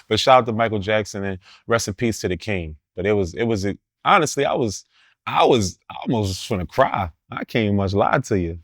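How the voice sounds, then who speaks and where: A man's voice: fairly low pitch, lively intonation, brisk, fairly bright tone, no room sound, clean studio sound. A man telling stories as an interview guest, blunt and profane in street slang, laughing as he talks. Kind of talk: casual storytelling in an interview.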